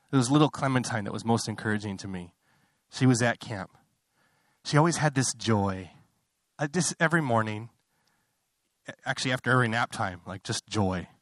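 A man's voice: a bit bright, dry recording. Young guy pastor preaching, chatty then fired up, dry close sound. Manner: conversational, building to impassioned high-pitched fervor; self-interrupting, apologetic asides. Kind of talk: sermon.

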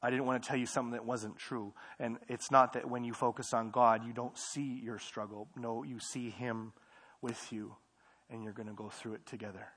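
A young man preaching a casual, conversational sermon in a church service, repeating phrases and moving between quiet asides and louder emphasis. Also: mid-range voice, little pitch movement, normal speed, slightly rough. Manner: conversational, repeats himself, swings between soft and loud. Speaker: pastor.

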